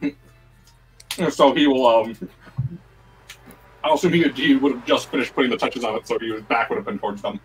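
A man taking his turn in a tabletop game, casual and hesitant, full of ums. His voice sits at a middle pitch, with faint music in the background. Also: moderate pace, long pauses, poor audio. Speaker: player.

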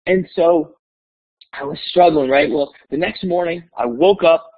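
A male teacher telling a classroom story to other educators in a webinar, energetic and enthusiastic, acting out the voices in his story. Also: on the high side, a little slow. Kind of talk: animated storytelling presentation. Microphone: webinar call mic. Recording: tinny phone-like webinar audio.

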